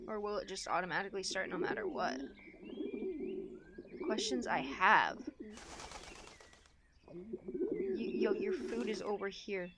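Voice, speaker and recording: A woman streaming a game, chatting casually and joking to herself, breaking into loud outbursts and laughs. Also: medium pitch, very animated, a little slow, pauses often, very noisy. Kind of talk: casual gameplay commentary. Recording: clear game sounds of birds behind.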